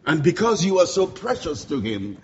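A man preaching a sermon with a dramatic, repetitive cadence, dropping to hushed tones and building to shouted peaks. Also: big pitch swings, normal speed, lo-fi sound. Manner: dramatic, swinging from hushed lows to shouted climaxes.

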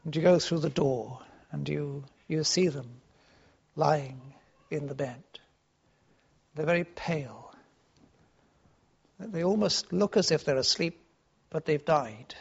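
High-voiced earnest male preacher. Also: slow, vocal fry, pauses often, husky. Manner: earnest, rises with emphasis then drops to hushed tones. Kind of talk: sermon. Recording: dull lo-fi sound.

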